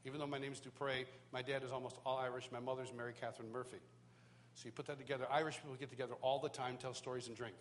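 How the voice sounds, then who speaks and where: This middle-aged man talks at a quick pace with a flat delivery and a medium-pitched voice, with a little hiss or hum in the background. He's a worship teacher giving a personal testimony sermon at a live church worship school, laughing at himself and voicing the people he quotes.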